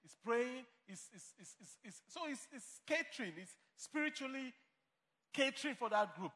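High, bright emphatic preacher. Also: male voice, expressive, normal speed, slightly rough, big-room sound. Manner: emphatic preaching, mock dialogue. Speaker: pastor. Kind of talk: sermon. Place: church.

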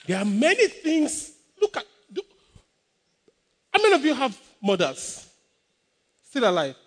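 A man with a high voice preaches to his congregation. He leans hard into repetition and calls out for the listeners to respond. His delivery is emphatic throughout. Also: wildly swooping pitch, a little slow, long reverb tail. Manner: emphatic preaching, with repeated exhortations and call-and-response. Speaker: pastor. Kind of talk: sermon.

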